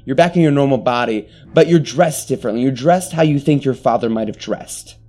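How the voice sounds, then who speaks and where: A man running a tabletop game, narrating a dream scene in a loose, rambling way. His voice is mellow and warm, with faint music underneath. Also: mid-range voice, brisk. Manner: rambling, full of restarts and fillers. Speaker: game master.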